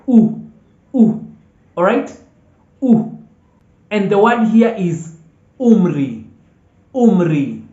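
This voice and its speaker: A language teacher calmly repeating each vocabulary word several times and checking in with "okay?" as they go. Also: mid-range voice. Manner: patient, drills words aloud and checks in with "okay?". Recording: echoey room, dull lo-fi sound.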